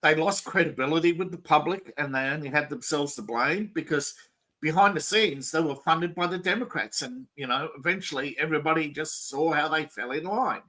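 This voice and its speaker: A man's voice: on the high side, fairly quick, bright, forceful tone, low-quality recording. A man hosting a casual political talk show, rambling and opinionated, with frequent restarts. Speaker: podcast host.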